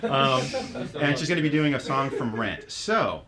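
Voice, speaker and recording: A man's voice: mid-range voice, big pitch swings, measured pace, a loud crowd. A man hosting a veterans' theater night, casual and teasing as he introduces performers. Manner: joking, teasing, emotional. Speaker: host. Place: theater stage with a live audience.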